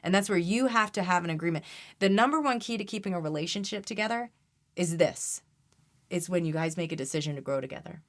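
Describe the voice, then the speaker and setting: A woman's voice: fairly low pitch, fast. A woman energy healer as a podcast guest, explaining in an earnest, teaching way with frequent restarts. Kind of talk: podcast interview.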